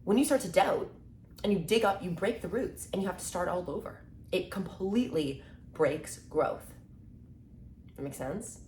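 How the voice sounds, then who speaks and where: A woman in her twenties giving casual motivational talk to camera, chatty and upbeat, acting out quick little exchanges and saying "like" and "right?" a lot. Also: lowish voice, a little mellow, a little hiss or hum. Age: 20s. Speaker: mindset content creator. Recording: echoey room with faint ambience.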